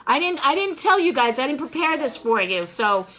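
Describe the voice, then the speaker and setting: A woman's voice: sits high, big pitch swings, normal speed, a bit bright. A woman teaching a life skills class over a video call, upbeat and encouraging as she quizzes her students.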